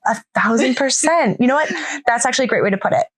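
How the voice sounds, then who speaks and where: A woman in her thirties co-hosting a podcast, telling stories with animated energy and frequent laughs. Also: on the high side, fast. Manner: animated storyteller, laughs often. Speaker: podcast co-host. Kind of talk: casual chat.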